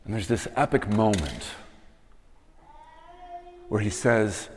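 A man's voice: on the low side, expressive, slow, pauses often, darkish tone, slight background noise. A man in his thirties preaching a sermon, telling stories and building to emphatic appeals. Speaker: pastor. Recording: long reverb of a church hall.

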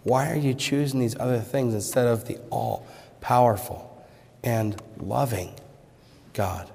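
A man preaching a sermon, pressing rhetorical questions and then dropping to hushed pleas. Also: medium pitch, a little slow, gravelly, breathy edge. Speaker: pastor. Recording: long reverb of a large hall.

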